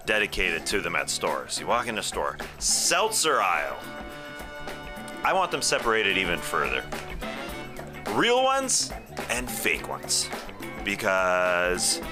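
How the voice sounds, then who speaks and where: A man co-hosting a podcast, reading an ad in an upbeat, playful sales pitch. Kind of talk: host-read ad. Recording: music bed playing behind.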